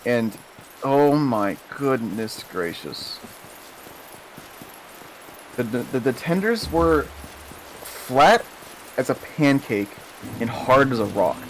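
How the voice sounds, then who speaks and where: A man's voice: medium pitch, big pitch swings, slow, slight background noise. A young man chatting casually on a live stream, rambling with restarts as he tells a story. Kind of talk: casual chat. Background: game music.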